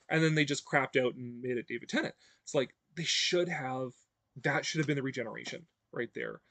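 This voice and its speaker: A man hosting a livestream, chatting casually with viewers in a rambling way, with many fillers and restarts, growing animated when excited. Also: medium pitch, normal speed, no room sound. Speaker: livestream host. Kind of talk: casual fan chat answering viewers.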